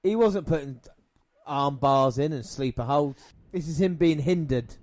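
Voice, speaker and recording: A man's voice: fairly high pitch, measured pace, darkish tone, no room sound. Sarcastic man chatting about wrestling. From half Scottish. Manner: sarcastic, swearing, laughs often. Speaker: podcast co-host. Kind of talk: casual wrestling commentary chat.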